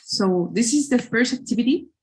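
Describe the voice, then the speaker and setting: A woman's voice: a little high, animated, darkish tone, rough recording. A woman whose first language is Spanish, teaching an English class and giving instructions, repeating herself and checking in with "okay". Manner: slow, repetitive explaining with frequent "okay".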